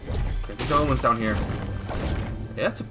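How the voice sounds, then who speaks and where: A man giving live commentary as he plays a video game, jumpy and excitable, full of exclamations. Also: medium pitch, normal speed, music in the background. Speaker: gaming streamer.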